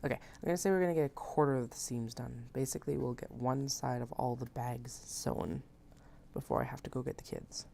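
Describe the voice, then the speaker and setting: A woman in her thirties with a very deep, gravelly, dark and mellow voice live-streams herself sewing at home, chatting briskly with fairly even intonation as she thinks aloud and teases herself. She drifts slightly toward and away from the mic while working, and a faint hiss runs under the recording.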